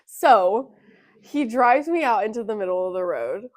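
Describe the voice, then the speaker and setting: A woman's voice: fairly high pitch, a little slow, no echo, studio quality. A young woman co-hosting a podcast, telling a story in casual chat, cursing freely and acting out what others said. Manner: profane, animated storyteller acting out quotes. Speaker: podcast co-host.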